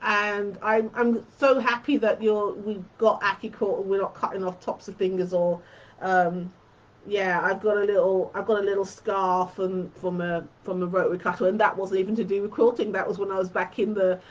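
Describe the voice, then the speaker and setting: A woman's voice: mid-range voice, little pitch movement, moderate pace, lo-fi sound. A woman hosting a quilting tutorial live stream, chatting casually and fondly with her viewers.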